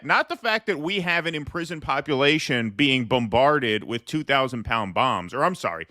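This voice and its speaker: A man's voice: mid-range voice, expressive, normal speed, hardly any pauses, bright, forceful tone, no echo, studio quality. A man in his thirties co-hosting a podcast, with sarcastic, mocking political commentary. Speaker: podcast co-host.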